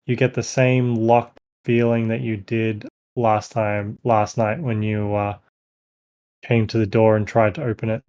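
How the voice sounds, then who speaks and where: A man narrating as game master in a tabletop game, relaxed and pausing on fillers. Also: on the low side, clean tone.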